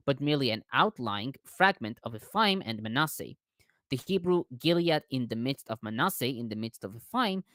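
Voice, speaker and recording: A man reading out scholarly commentary on a text, careful and measured, stumbling now and then on long words. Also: medium pitch, fairly bright tone, no room sound, clean studio sound. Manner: careful reading with small restarts on hard words.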